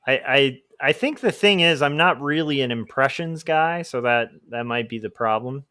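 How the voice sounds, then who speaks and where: Drawing comics on a livestream, a host and artist chats in a loose, rambling way, laughing and often poking fun at himself. His voice is mid-range, bright and forceful at a normal speed, recorded dry and close with no room echo.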